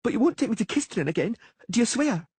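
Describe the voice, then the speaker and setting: A man doing a shrill, haughty little princess. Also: sing-song, fast, a little mellow, slightly rough, no echo, exaggerated voice. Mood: pleading. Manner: shrill, sniffling, imperious.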